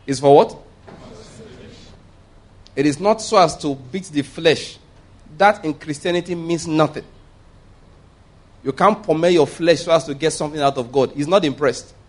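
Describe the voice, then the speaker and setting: A man preaching with a slightly raised, fairly high voice. He hammers his points home by repeating them and firing rhetorical questions at his listeners. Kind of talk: sermon.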